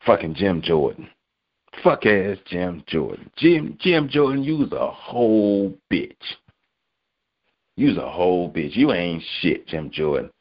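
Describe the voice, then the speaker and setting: A man's voice: low-pitched, big pitch swings, a little slow, dull audio. A man hosting a podcast, delivering a profane, heated weekly rant. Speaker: podcast host.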